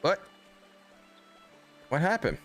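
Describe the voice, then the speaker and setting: A man's voice: a little high, sing-song, slow, gravelly, fairly bright tone, faint music behind. A man streaming a video game, reading its text aloud with casual, joking asides. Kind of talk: casual let's-play commentary.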